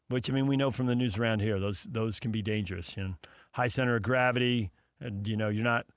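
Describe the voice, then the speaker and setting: A man's voice: medium pitch, dry recording, clean studio sound. A man hosting a sports talk show, riffing casually with sarcastic asides and mock dialogues.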